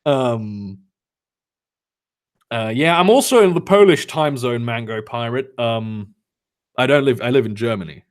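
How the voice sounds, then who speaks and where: A young man in Germany, streaming from home, reads fanfiction in a mid-range voice, a little slowly and with frequent pauses. He interrupts with sarcastic, profane commentary and animated asides, chatting with viewers along the way.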